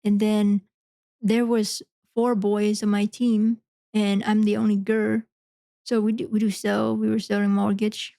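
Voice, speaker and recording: A woman's voice: medium pitch, flat delivery, a little slow, creaky, dark tone, no room sound. A woman hosting a podcast, talking frankly in a rambling, casual monologue full of fillers. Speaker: podcast host.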